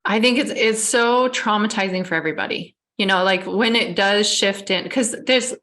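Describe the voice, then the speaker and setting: A woman's voice: mid-range voice, moderate pace, fairly bright tone. Woman guest, casual chat, explains in long run-on lists.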